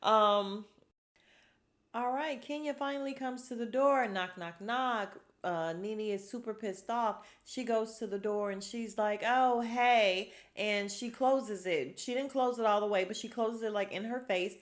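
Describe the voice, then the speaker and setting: This podcast host, a young adult woman with a slightly high voice at normal speed, goes over a reality TV episode in a casual, slang-filled way, calling listeners "y'all."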